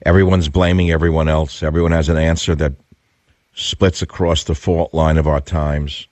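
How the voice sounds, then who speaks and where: A man's voice: a bass voice, little pitch movement, moderate pace, darkish tone, no room sound. A man hosting a radio talk show, combative and indignant, firing off rhetorical questions. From United States.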